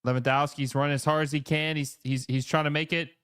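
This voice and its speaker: Man, live watch-along host, excitable play-by-play, chatty asides, smooth clear voice, dry close mic. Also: on the high side, quick pace, no room sound. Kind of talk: live match commentary and chat reading.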